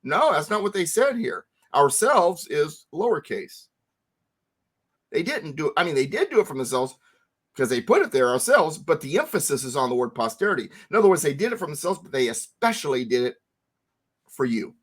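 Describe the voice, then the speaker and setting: Emphatic man explaining, fairly high voice. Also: normal speed, slightly rough. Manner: emphatic, lively, repeats words for stress. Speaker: teacher. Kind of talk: explaining a text to a co-host.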